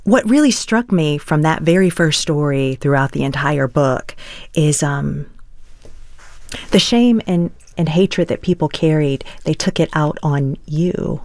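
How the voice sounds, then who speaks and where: Woman, radio host, dry close voice, measured, probing questions. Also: low voice, darkish tone, no echo. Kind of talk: radio interview.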